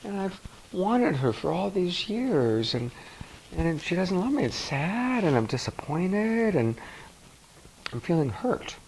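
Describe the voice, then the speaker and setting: A man putting on the soft, quiet voice of a hurt man admitting he feels sad and disappointed. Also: big pitch swings, takes it slowly, a little hiss or hum, full character voice, low-quality recording. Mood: vulnerable. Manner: soft, tender, high and quiet.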